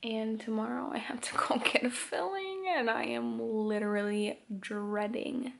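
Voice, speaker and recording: A woman's voice: on the high side, a little slow, vocal fry. A young woman from Michigan with a slight Upper Michigan accent, chatting casually to camera at home in a rambling vlog full of "like" fillers. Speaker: vlogger. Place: indoors at home. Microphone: camera mic.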